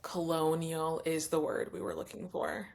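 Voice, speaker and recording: A woman's voice: low voice, very animated, moderate pace, vocal fry, noisy background. A woman co-hosting a podcast in casual chat, blunt and playful, swearing casually. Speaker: podcast co-host.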